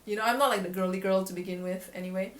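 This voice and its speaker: A woman's voice: mid-range voice, steady tone, rapid-fire. A woman voice coach talking candidly to camera in a vlog, reflective and often laughing at herself. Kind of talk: casual vlog talk to camera. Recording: echoey room.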